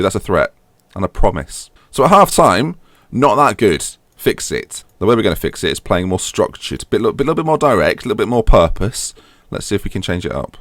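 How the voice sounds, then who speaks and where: A young man commentates on his football manager save in a lively, animated voice that rises and falls all over the place. His voice sits fairly low, and the recording is dry and close with no room sound. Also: brisk, no room sound. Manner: animated, swings from grumbling to yelling at goals. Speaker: gaming YouTuber. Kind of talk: commentary while playing a football manager game.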